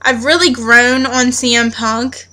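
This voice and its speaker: Young woman, high pitch, bright voice, excitable casual rant, home vlog. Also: measured pace. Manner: excitable, chatty, animated. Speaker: wrestling fan vlogger. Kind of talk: casual ranting recap.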